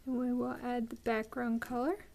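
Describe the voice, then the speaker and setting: A woman hosting a beading tutorial, explaining each step patiently with frequent ums and pauses. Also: on the high side, flat delivery, vocal fry, a little mellow, slight background noise.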